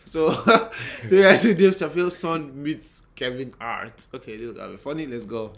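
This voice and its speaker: A man's voice: fairly high pitch, moderate pace, creaky, crowd noise. A man hosting a reaction video in casual, hyped chat.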